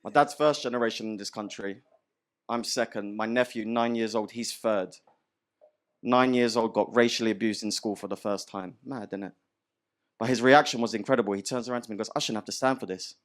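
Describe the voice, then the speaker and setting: A man's voice: fairly low pitch, fairly even intonation, fairly quick. A young man performing stand-up in a comedy club, slangy conversational storytelling on a handheld mic. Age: young adult. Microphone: handheld stage microphone. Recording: live club audio with audience noise.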